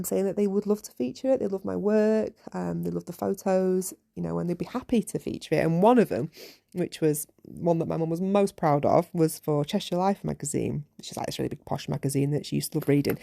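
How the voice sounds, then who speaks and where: A woman hosts a casual solo podcast, chatting candidly through her story with plenty of "you know" asides. Her voice sits low and carries a gravelly fry. The tone is dark and mellow. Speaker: podcast host.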